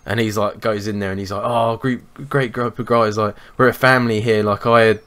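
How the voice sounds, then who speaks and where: A young man, co-hosting a podcast and telling sweary, animated anecdotes in casual chat. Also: lowish voice, a little fast. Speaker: podcast co-host.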